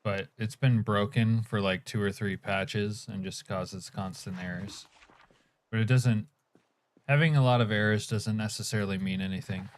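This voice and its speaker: A man's voice: on the low side, fairly even intonation, normal speed. A man streaming a game, reading chat aloud and chuckling while he eats. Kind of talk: casual live-stream chat.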